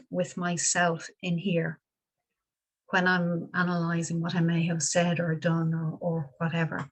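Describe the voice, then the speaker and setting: A middle-aged woman giving a dharma talk as a Buddhist teacher, gentle and reflective, pausing and restarting often. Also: lowish voice, low-quality recording.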